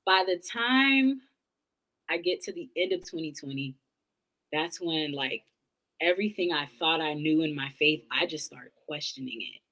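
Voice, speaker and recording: A young woman with a slightly low-pitched voice speaks as an interview guest. She talks in earnest, winding reflections, restarting her thoughts as she goes in casual, candid conversation. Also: lively intonation, moderate pace, fairly bright tone, poor audio.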